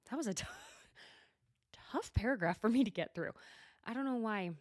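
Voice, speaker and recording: A woman's voice: a little high, animated, unhurried, a little mellow, no room sound, clean studio sound. Giggly chatty woman with Oklahoma twang. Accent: Oklahoma Southern. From Oklahoma, USA. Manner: giggly, chatty, blunt, swears. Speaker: podcast host. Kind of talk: casual solo recap chat.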